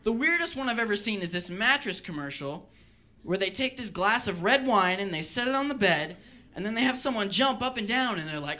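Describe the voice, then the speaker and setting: A man doing a stand-up routine on a club stage, wry and deadpan with rambling asides. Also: sits high, a little fast. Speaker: stand-up comedian.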